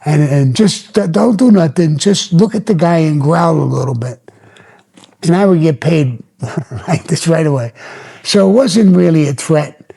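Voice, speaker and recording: A man's voice: fairly high pitch, unhurried, creaky, warm tone, breathy edge. Blunt older New man, profane. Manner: blunt, profane, plainspoken storyteller. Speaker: podcast host. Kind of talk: storytelling podcast.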